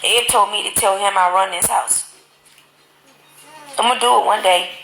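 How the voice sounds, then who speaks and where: A woman chats on her live stream, telling stories with plenty of swearing. Her voice is gravelly and edged with fry, and it has a bright, sharp tone. She talks straight into her phone. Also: mid-range voice, moderate pace, poor audio. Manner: animated, profane storytelling. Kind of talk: casual live-stream chat.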